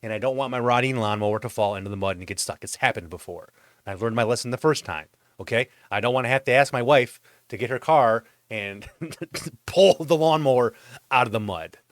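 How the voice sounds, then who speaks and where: A man hosting his own vlog, telling a comedic monologue at home in a profane, exasperated rant with animated swings in his delivery. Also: medium pitch, a little fast, no room sound, studio quality. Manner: profane ranting. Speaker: vlog host.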